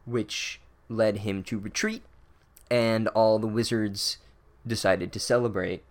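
A man's voice: fairly low pitch, fairly even intonation, takes it slowly. A man giving a rambling, sarcastic and profane comedic recap of a book, full of fillers.

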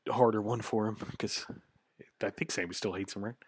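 A man's voice: lowish voice, fairly even intonation, normal speed, husky. A man co-hosting a podcast, chatting casually and easygoingly about wrestling with a ready laugh. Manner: easygoing, laughs often, many fillers. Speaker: podcast co-host.

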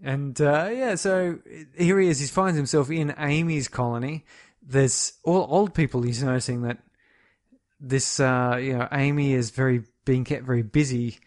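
A man's voice: mid-range voice, steady tone, moderate pace, darkish tone. A man chatting casually as a podcast co-host, retelling a film's scenes and quoting the characters. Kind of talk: casual film recap chat.

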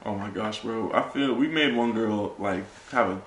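Young man, podcast host, animated storyteller, echoey room. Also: on the low side, moderate pace, a little hiss or hum. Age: young adult. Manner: animated storytelling, says bro a lot. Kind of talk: casual chat.

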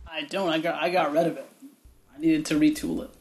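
A man's voice: fairly high pitch, little pitch movement. Hesitant man in a roomy recording. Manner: hesitant, halting. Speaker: podcast co-host. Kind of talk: casual comedic podcast banter. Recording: roomy, faint background hiss.

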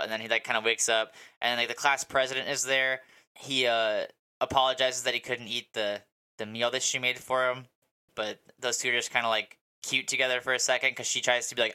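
A man co-hosting a podcast, rambling excitedly through a casual episode recap with lots of fillers and swearing. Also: medium pitch, moderate pace, smooth. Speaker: podcast co-host.

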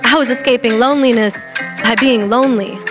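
A woman's voice: fairly high pitch, brisk. Woman reciting spoken word over guitar. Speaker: poet. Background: guitar instrumental.

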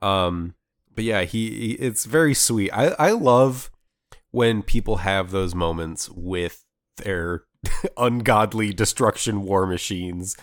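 Brief: young man, very low voice, dry close sound, laid-back anime recap host. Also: takes it slowly, no echo. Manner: relaxed, rambling recap with fillers and restarts. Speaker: podcast co-host. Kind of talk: casual anime recap chat.

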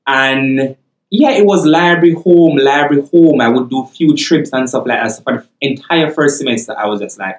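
Jamaican male co-host, mid-range voice, animated storyteller, roomy sound. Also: mid-range voice, moderate pace. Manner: animated storytelling, laughs often. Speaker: podcast co-host. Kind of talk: casual podcast chat.

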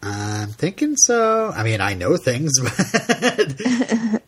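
A man's voice: fairly high pitch, sing-song, drawn-out words, slightly rough. A man hosting a podcast, recapping a TV episode in casual, rambling chat full of fillers and laughter. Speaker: podcast host.

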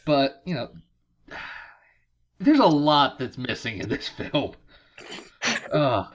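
A man's voice: medium pitch, sing-song, slow, muffled recording. A man hosting a podcast, recapping a movie in casual chat with sarcastic asides over a remote call. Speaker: podcast host.

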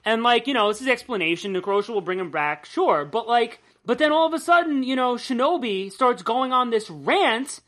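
A woman's voice: fairly high pitch, animated, normal speed, few pauses, fairly bright tone. A young woman co-hosting a casual comic-book podcast, joking crudely and laughing often. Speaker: podcast co-host.

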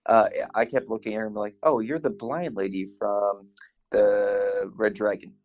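A man chatting casually, telling animated stories with quoted asides. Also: lowish voice, normal speed, muffled recording. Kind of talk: casual chat.

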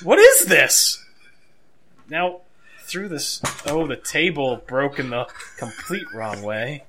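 A man co-hosting a podcast, telling a story in an animated, wry way and riffing casually. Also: mid-range voice, slow, slight background noise. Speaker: podcast co-host. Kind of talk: casual chat.

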